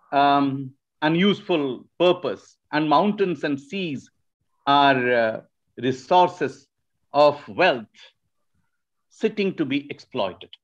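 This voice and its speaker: A man from northeast India giving an academic webinar talk, pausing often and restarting his sentences. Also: a little high. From Shillong, Northeast India. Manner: hesitant, frequent restarts and fillers. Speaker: webinar speaker. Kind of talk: academic lecture. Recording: muffled online webinar audio.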